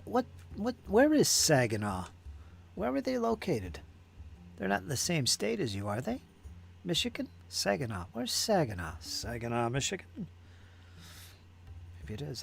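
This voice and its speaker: A man's voice: fairly high pitch, very animated, moderate pace, vocal fry, pauses often, slight background noise. A man hosting a miniature painting stream, chatting casually and musing aloud as he reads viewer comments and repeats words to himself. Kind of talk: casual chat while painting and reading viewer chat.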